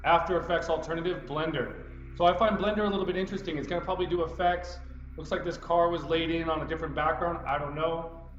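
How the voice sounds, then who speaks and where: A man's voice: on the high side, fairly even intonation, quick pace, slight background noise. A man talking his way through a loose, rambling screen-recording vlog, chatty and digressive. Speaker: real estate group admin making a tutorial. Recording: roomy, slightly dull sound with music behind.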